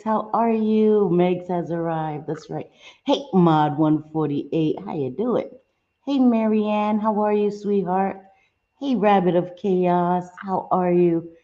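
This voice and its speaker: A woman's voice: fairly low pitch, mellow, muffled recording. A woman hosting a casual livestream, apologetic and chatty, greeting her viewers one by one. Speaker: livestream host.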